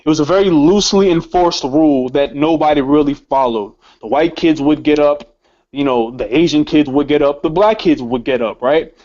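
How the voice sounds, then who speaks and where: A man's voice: a little high, normal speed, a little mellow. A young man hosting a show and telling a personal story in a casual, heated way, swearing and stammering over his words, shaken as he talks. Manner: heated, profane, stammering repeats. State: emotionally shaken. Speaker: host. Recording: slightly muffled lo-fi recording.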